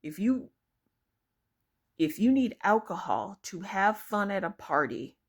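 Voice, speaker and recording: A woman's voice: medium pitch, big pitch swings, takes it slowly, breathy edge. A young woman vlogging her opinions, blunt and exasperated, swearing freely as she rants to her viewers. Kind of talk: opinion rant to camera.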